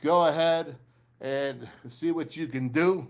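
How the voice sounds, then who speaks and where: A man's voice: on the high side, slow. A middle-aged man hosting a sports talk show, ranting emphatically and reading ads, repeating phrases for punch. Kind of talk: fired-up sports talk and live ad reads.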